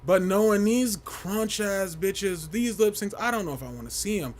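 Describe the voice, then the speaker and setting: High, lively young man gossiping on a livestream. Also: normal speed. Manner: animated, gossipy, bursts into shrieks and laughter. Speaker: livestream host. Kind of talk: casual livestream chat.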